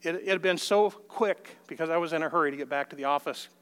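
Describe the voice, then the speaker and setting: A man's voice: fast talker, a bit bright, clear, resonant tone. An older man telling a folksy personal story in a sermon, acting out the dialogue in a raised voice. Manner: folksy, acts out the dialogue with rising pitch.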